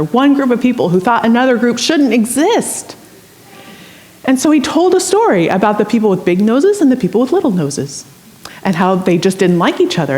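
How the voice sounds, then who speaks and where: A woman's voice: mid-range voice, darkish tone. A woman delivers a conversational sermon in a church sanctuary. Her voice rises and falls freely as she tells stories. She often turns to the congregation with friendly asides. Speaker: pastor.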